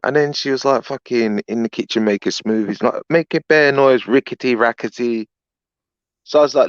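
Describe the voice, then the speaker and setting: A man's voice: mid-range voice, brisk, no room sound, dull audio. A man telling a long, rambling story in casual chat, full of fillers and "innit".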